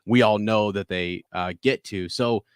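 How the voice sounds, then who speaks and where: Rambling podcast co-host, low voice. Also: male voice, a little slow, clear, resonant tone, dry recording, studio quality. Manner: rambling, full of restarts. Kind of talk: casual live call-in podcast chat.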